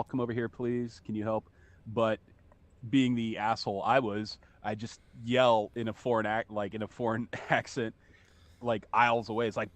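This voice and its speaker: A man's voice: lowish voice, dry recording. California man telling stories, dry sound. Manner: storytelling, joking and animated. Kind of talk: casual chat.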